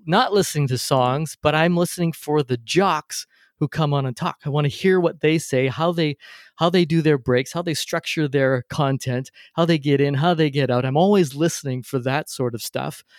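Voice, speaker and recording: A middle-aged man, a podcast coach, answering interview questions in a lively, storytelling way. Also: fairly high pitch, moderate pace, no room sound, clean studio sound. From Canada. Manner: animated storyteller, acts out his own rants.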